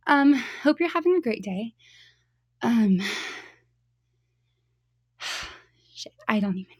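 Woman whispering close, high voice, slow and breathy, giggly, keeps losing her words, dry sound. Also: animated, no room sound. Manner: hesitant, breathy, fumbles for words. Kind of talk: intimate improvised audio.

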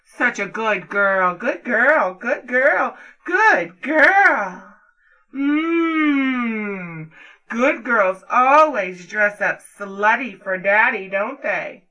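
Slow, bright-voiced commanding woman. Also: fairly high pitch, lively intonation, muffled recording. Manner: commanding, taunting. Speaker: dominant role-play performer. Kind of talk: erotic audio role-play.

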